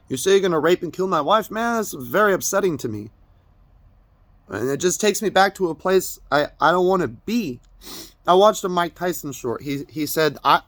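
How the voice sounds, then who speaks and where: A man's voice: a little high, fairly bright tone, dry recording. A young man making an emotional personal confession to camera, crying as he talks, stammering and swearing as he rambles. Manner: rambling, stammering, profane, tearful. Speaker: vlogger.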